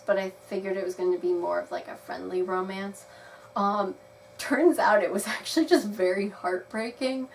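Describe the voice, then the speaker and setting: A young woman giving a chatty, rambling video review of a game, laughing now and then. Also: mid-range voice. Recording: slightly distant mic with faint noise.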